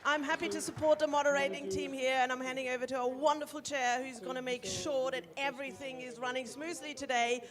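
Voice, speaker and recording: A woman's voice: sits high, level tone, fairly quick, few pauses, a crowd in the background. A woman moderator makes upbeat announcements at an assembly and hands the floor over. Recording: hall reverb and clear noise.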